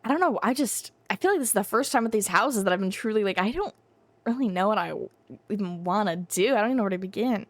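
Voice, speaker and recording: A woman's voice: medium pitch, animated, quick pace, no room sound. A young woman streaming a video game from home, thinking aloud in a rambling, casual way and humming to herself. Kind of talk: casual live-stream chatter while playing.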